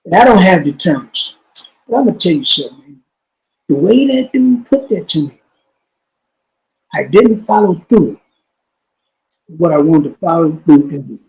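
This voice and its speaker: Guy with a highish voice telling a story in an interview, lots of street slang, repeats himself a lot. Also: lively intonation, normal speed, long pauses, muffled recording. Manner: drops to a low, quiet voice when quoting. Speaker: interview guest.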